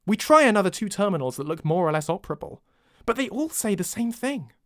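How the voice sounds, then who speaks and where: English man, author-narrator, lively delivery, very dry close-mic sound. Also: sits high, fast talker, no echo. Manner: lively, expressive, jokes between takes. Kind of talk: audiobook narration with asides. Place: home recording booth.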